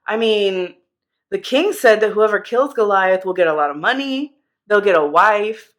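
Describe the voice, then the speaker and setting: A woman's voice: medium pitch, animated, moderate pace, natural voice. A woman voicing a group of male soldiers who talk casually in slang. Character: gossiping army soldiers, men.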